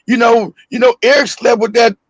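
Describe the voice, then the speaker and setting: A man telling a story in casual chat, animated and swearing often, acting out the voices in his story and shouting the quotes. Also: very high-pitched, fairly quick, no room sound, dull audio. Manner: swears freely, laughs often.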